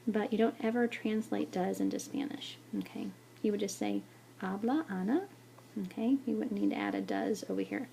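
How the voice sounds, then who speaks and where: A woman's voice: medium pitch, very animated, fairly quick, gravelly, mellow, a little hiss or hum. A woman teaching a Spanish lesson to students at a board, patient and repetitive, checking in with frequent "okay"s. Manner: patient, repeats "okay" and examples, many fillers.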